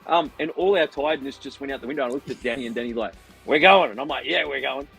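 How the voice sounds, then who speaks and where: An Australian man, a band musician, telling a long story in a lively, rambling way and acting out what people said. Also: medium pitch, rapid-fire, vocal fry, slightly rough, soft background music, low-quality recording. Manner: animated, rambling, acts out others' lines. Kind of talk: casual storytelling on a livestream.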